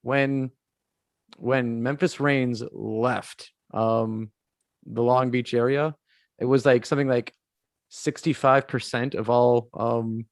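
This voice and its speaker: Man, mid-pitched voice, podcast co-host, rambling casual chat, dry close sound. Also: fairly even intonation, takes it slowly, dry recording. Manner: rambling, many "like" fillers, chuckling.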